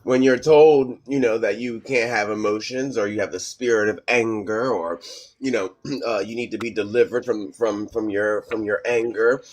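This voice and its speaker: A man on a casual podcast panel, speaking earnestly with halting restarts. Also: on the low side.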